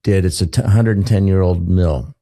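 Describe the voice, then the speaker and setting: A man speaking as a podcast guest, reflective and earnest, with drawn-out exclamations. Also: low-pitched, dark tone. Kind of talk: podcast conversation.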